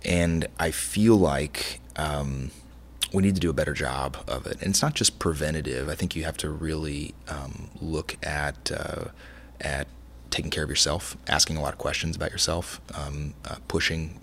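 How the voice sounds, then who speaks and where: Middle-aged male chef guest, deep gravelly voice, chatty and meandering in conversation. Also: a little fast, slight background noise. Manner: rambling, many restarts, animated storytelling. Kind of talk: casual interview conversation.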